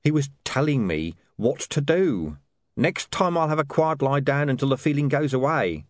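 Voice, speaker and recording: A man's voice: medium pitch, lively intonation, moderate pace, no room sound, clean studio sound, voice pushed up, lightly acted. A man voicing a shifty, wheedling street hawker in an audiobook.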